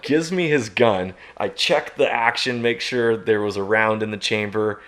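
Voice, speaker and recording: A man, a podcast guest, telling a long outdoor story in a lively way, laughing and jumping into loud high shouts as he acts it out. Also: measured pace, hardly any pauses. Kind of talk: animated storytelling.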